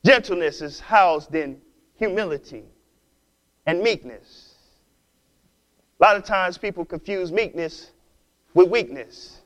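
A man's voice: high-pitched, fairly bright tone, poor audio. A man preaching a sermon with call-and-response questions and playful asides to the congregation. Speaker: pastor.

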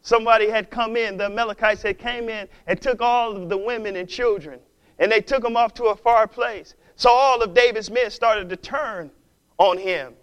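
A preacher man delivers a sermon, calling out to his listeners and drawing them in with humorous asides. His voice sits high for a man and has a smooth, clear tone. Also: normal speed, fairly bright tone, low-quality recording. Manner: call-and-response preaching, playful asides. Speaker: pastor.

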